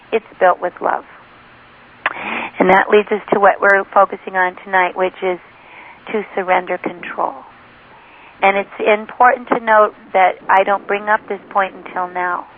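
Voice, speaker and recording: Woman author on a phone interview, lively storyteller, thin phone-line sound. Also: mid-range voice, normal speed, creaky. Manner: enthusiastic storytelling, quotes others often. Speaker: author and spiritual teacher. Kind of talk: phone interview, teaching talk.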